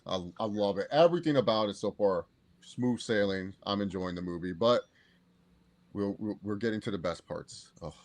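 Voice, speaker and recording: A man's voice: on the low side, moderate pace, no echo. A man co-hosting a casual movie review podcast, talking with energy, laughing and quoting characters as he goes. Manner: animated, laughs often, quotes characters. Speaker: podcast co-host.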